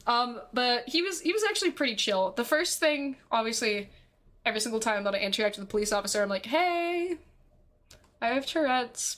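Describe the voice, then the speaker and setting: Animated, foul-mouthed young woman storyteller. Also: fairly high pitch. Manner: animated, swears constantly, acts out quotes. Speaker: streamer telling a story. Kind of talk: casual storytelling to stream chat.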